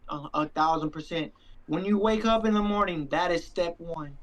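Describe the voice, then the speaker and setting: Earnest young man, high voice. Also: moderate pace, fairly bright tone, rough recording. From Mexican-American. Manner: earnest, sincere, repeats himself. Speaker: stream co-host. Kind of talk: heartfelt casual chat.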